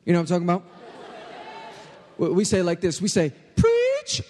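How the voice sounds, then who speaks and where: Brief: New York youth pastor preaching live in a big church hall, crowd-rousing, slightly high-voiced, ringing reverb. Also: male voice, fast. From United States. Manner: lively, joking, calls for crowd response. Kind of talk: energetic sermon to a youth crowd.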